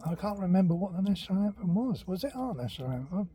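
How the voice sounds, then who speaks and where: A man's voice: sits high, big pitch swings, quick pace, mellow. An older man, telling childhood stories in a rambling, chatty way and sometimes dropping almost to a whisper. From England. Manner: rambling and chatty, drops to near whispers at times. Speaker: walking vlog host telling childhood stories. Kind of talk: casual storytelling.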